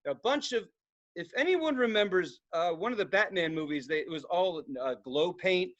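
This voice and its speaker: A young man co-hosting a podcast, telling stories in a casual, profane, animated way, acting out loud outbursts and laughing along. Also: high voice, normal speed, dull audio. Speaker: podcast co-host. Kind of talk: casual storytelling chat.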